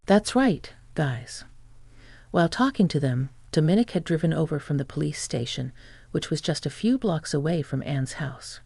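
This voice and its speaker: A woman's voice: low voice, lively intonation, normal speed, vocal fry, dark tone, no echo. A woman giving first-person narration of a family drama story in a plain-spoken, dramatic way.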